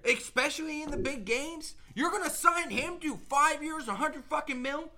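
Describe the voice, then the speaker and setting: A woman co-hosting a casual sports podcast, ranting in an animated, profane way and laughing often. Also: sits high, moderate pace, slight background noise. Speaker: podcast co-host.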